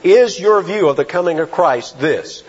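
Male pastor, emphatic sermon delivery, pitch swinging widely, muffled lo-fi sound. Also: lively intonation, slightly rough. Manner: emphatic preaching with rhetorical questions and slow stressed phrases. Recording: dull lo-fi sound.

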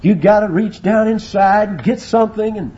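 A man voicing a football coach who urges his team on with a loud, pleading pep talk. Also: high-pitched, normal speed, lo-fi sound, a little hiss or hum, voice pushed up, lightly acted. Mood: pumped up. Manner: loud, pleading, urgent encouragement.

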